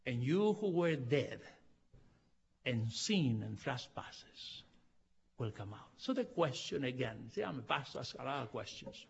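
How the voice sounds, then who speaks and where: A man pastor preaching a sermon, impassioned, with non-native phrasing, rising to loud cries. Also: medium pitch, sing-song, unhurried, vocal fry, dull audio, a little hiss or hum. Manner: impassioned, swelling to loud cries on key lines. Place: church auditorium.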